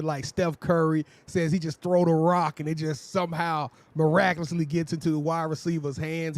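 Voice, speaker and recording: Lively sports podcast host. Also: male voice, on the high side, dry recording. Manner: energetic, hypes up local athletes. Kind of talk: casual chat.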